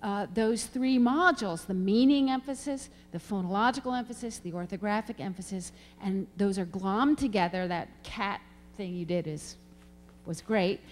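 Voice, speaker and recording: A woman's voice: mid-range voice, normal speed, slight background noise. A middle-aged woman researcher giving an emphatic conference talk to an audience, posing questions as she presents her findings. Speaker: reading researcher speaking at a symposium. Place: lecture hall. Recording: long hall reverb.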